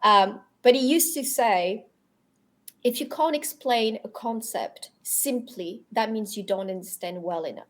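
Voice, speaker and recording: A woman's voice: medium pitch, measured pace, a little hiss or hum. A woman with a French accent, a guest in a casual interview, talking animatedly and often repeating words as she searches for the English phrasing.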